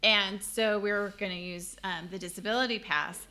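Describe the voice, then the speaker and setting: A woman's voice: mid-range voice, fairly even intonation, normal speed, sharp tone. A woman chatting casually as a host, telling stories with frequent laughter. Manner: chatty storyteller, laughs often. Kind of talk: casual chat.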